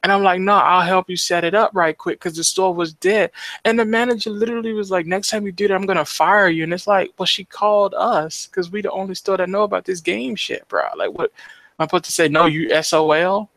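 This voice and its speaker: A young man co-hosts a casual podcast, his voice sitting high and moving fairly quickly with no echo. He tells stories in an animated way, swears heavily, and acts out the voices of the people he quotes.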